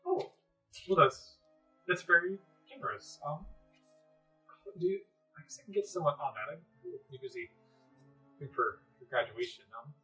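Brisk busy headmistress, polite but distracted, bright voice, a woman gm doing her. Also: deep voice, very animated, soft background music, voice pushed up, full character voice, poor audio.

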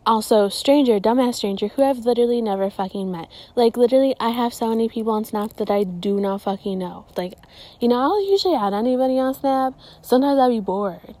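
A woman's voice: fairly high pitch, brisk, dry recording. A young woman hosting a podcast, delivering a casual, profane and exasperated rant. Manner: profane, exasperated, animated ranting. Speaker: podcast host.

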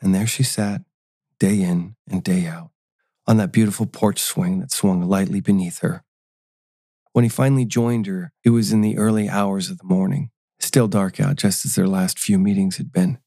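Low gravelly male storyteller. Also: flat delivery, warm tone, no room sound, studio quality. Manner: measured, storytelling. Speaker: narrator. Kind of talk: scripted narration.

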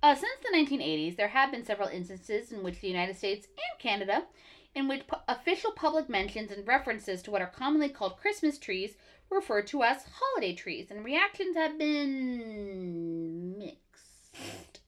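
Sarcastic woman with a lively voice. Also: a little high, normal speed. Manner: sarcastic and blunt. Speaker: podcast co-host. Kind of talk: casual chat, reading from notes.

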